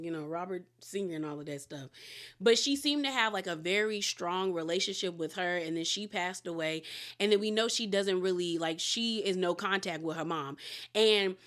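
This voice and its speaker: A woman's voice: lowish voice, moderate pace, a bit bright. Female recap host, casual and rambling, acts out the cast's lines. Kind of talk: casual chatty episode recap.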